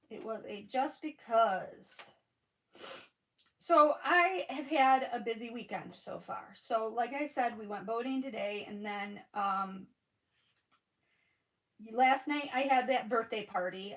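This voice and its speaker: A woman's voice: on the high side, a bit bright, rough recording. A middle-aged woman, chatting casually with viewers on a craft livestream, gushing and answering comments by name. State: sniffling after crying. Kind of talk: casual live-stream chat with viewers.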